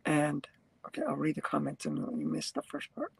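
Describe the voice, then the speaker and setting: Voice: medium pitch, big pitch swings, brisk, gravelly, slightly rough, no room sound, low-quality recording. A truck driver talking casually to viewers on a live stream, rambling, reading comments aloud and laughing often.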